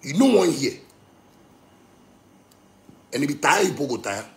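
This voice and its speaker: A man from Ghana with a Ghanaian Pidgin English accent, ranting angrily, swinging between shouting and low muttering. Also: sing-song, a little slow, gravelly. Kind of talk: angry rant.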